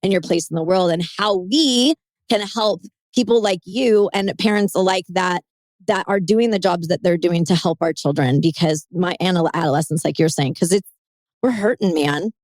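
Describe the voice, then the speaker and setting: A woman hosting a podcast in casual interview chat, animated, chatty and quick to laugh. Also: fairly low pitch, dry recording, studio quality. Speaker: podcast host.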